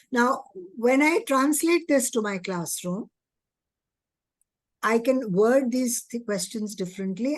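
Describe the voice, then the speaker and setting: With a medium-pitched voice and no echo, a woman delivers earnest teacher training as an early childhood education trainer. She poses rhetorical questions frequently and performs the voices of both children and teachers.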